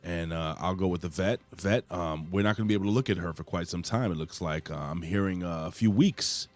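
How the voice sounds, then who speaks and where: A fairly low-voiced man hosts a casual wrestling podcast in a loud, boisterous hype-man style, swearing freely as he chats. Faint music sits under his voice. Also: fairly quick. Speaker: podcast host.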